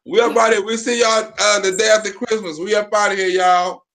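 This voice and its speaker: A man's voice: high voice, level tone, a little fast, gravelly, a bit bright. A man hosting a casual livestream, reading viewer comments aloud and laughing often. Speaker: livestream host.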